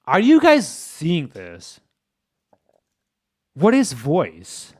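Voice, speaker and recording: A man hosting a live coding stream, excitable and exclaiming as he talks to his chat. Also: fairly high pitch, extremely slow. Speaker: streamer, host.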